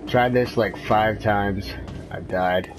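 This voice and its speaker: Swearing gamer, low voice. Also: male voice, steady tone, takes it slowly. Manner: profane, frustrated ranting. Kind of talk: gameplay commentary. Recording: clear background noise.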